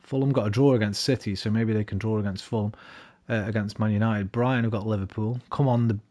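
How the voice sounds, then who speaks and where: A man's voice: on the low side, fairly even intonation, fast, mellow. A man streaming a football management game, chatting with viewers and swearing when it goes wrong. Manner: swearing, chatty, flares into frustrated outbursts. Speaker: gaming streamer. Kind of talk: live game stream chat. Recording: noisy background.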